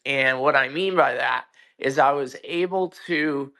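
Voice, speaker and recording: A man's voice: mid-range voice, measured pace, creaky, sharp tone. A man telling a personal story in casual chat on an audio call, profane and emphatic, with frequent restarts. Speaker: guest. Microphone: own mic on a social audio call.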